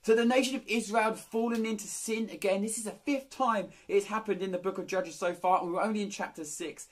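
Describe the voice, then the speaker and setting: A man reading a Bible passage, then explaining it in a relaxed, conversational sermon full of fillers. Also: high-pitched, brisk. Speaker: preacher.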